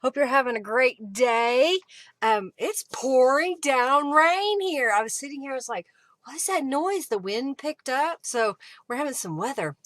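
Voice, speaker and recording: A woman's voice: high voice, expressive, unhurried, fairly bright tone, no room sound. A woman hosting a live crafting stream from her home craft room, chatting casually and thinking aloud as she rummages for supplies. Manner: chatty and rambling, thinks aloud while searching. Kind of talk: casual live demo chat.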